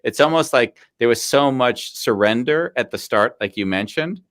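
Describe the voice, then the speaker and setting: A man's voice: medium pitch, expressive, normal speed, a bit bright. A man, hosting a casual live podcast interview and asking long, reflective questions. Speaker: podcast host.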